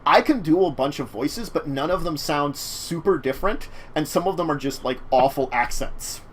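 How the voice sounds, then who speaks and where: Fronting a laid-back tabletop games chat show, this man speaks with a fairly high, expressive voice at a moderate pace. His talk wanders, packed with fillers and false starts, over slight background noise.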